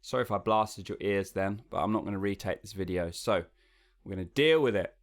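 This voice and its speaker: A man with a lowish voice talks through a singing lesson in a loose, conversational way. He explains as he thinks, circling back with ums and restarts, more like chatting to a student than lecturing. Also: brisk. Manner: relaxed, explanatory, thinks aloud with fillers. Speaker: singing coach.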